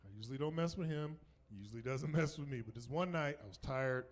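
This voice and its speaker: A man's voice: medium pitch, fast talker. A man in his fifties from North Carolina with a Southern accent, doing a loose, conversational stand-up set on a club stage, often asking "right?" and laughing at his own jokes. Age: 50s. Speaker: stand-up comedian. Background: audience laughter.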